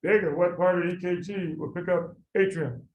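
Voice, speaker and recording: A man tutoring medical students in a lively class, quizzing them by name and repeating the key points. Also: high voice, normal speed, muffled recording, slight background noise. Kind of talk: lively classroom teaching with drills.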